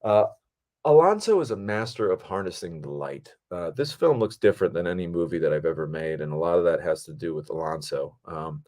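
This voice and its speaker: A man, a film director hosting his own podcast, telling behind-the-scenes stories in a casual, animated and profane way. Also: sits low. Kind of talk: casual storytelling.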